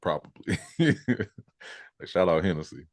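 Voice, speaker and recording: A man's voice: low voice, unhurried, dry recording, clean studio sound. A man co-hosting a casual TV recap podcast, laid-back and joking, mimicking characters. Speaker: podcast co-host.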